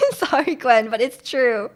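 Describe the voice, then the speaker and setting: Chatting with her stream audience, a Vancouver woman rambles along with giggles and fillers. She speaks slowly in a high, expressive voice.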